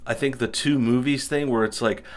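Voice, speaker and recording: A man's voice: mid-range voice, fairly even intonation. Indignant man ranting commentary. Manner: indignant, rapid rhetorical questions. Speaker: political commentary host. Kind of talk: opinionated commentary over news clips.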